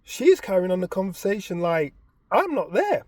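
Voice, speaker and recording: Man vlogger, lively storyteller, very expressive pitch, dry sound. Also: normal speed, no echo. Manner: animated, expressive retelling. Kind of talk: casual storytelling.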